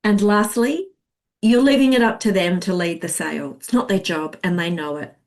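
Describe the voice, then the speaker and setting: A woman sales coach teaching a masterclass in an expressive, chatty way, acting out what clients think. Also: medium pitch, moderate pace.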